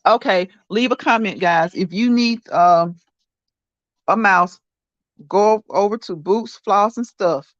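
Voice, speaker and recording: A woman with a medium-pitched voice speaks slowly while hosting a casual livestream, chatting with her viewers. She laughs often and repeats herself, and the recording is dull, dry, and lo-fi with no echo.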